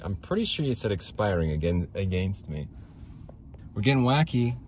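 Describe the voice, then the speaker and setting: A man's voice: on the low side, sing-song, moderate pace, darkish tone, a little hiss or hum. A man hosting a casual solo podcast, rambling in a goofy, self-mocking way. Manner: goofy, rambling, laughs at himself. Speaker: podcast host.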